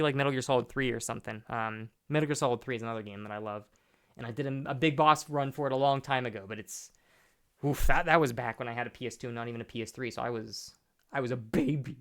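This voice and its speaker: On a lo-fi mic that keeps clipping, a tipsy young gaming host gives casual commentary on his gameplay, burping and rambling with plenty of restarts and fillers. His medium-pitched voice is fast, clear, resonant, and a bit bright.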